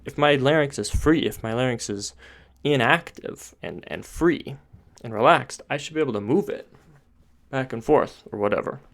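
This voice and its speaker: A gravelly, fairly bright mid-range voice at a moderate pace belongs to a man teaching singing technique. He lays it out step by step and often restarts sentences while thinking aloud, pointing with his hands at his face and throat.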